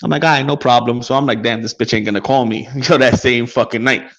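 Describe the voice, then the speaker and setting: A man's voice: medium pitch, fairly even intonation, fast, fairly bright tone. Crude storytelling man, lo-fi sound. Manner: crude, profane anecdotes with many fillers. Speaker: podcast co-host. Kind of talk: casual chat, storytelling.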